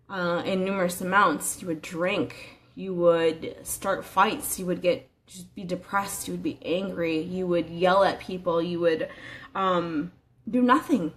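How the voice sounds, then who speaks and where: A woman with a fairly low voice gives a casual motivational training talk as a life coach. She sounds earnest and conversational, and she asks the listener rhetorical questions.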